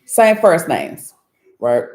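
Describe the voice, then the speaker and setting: A woman with a low, mellow voice chats casually with her viewers. She tells stories in a lively, swooping way, candid and profane, often breaking into laughter. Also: slow. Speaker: spiritual reader and channel host. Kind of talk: casual storytelling chat to viewers.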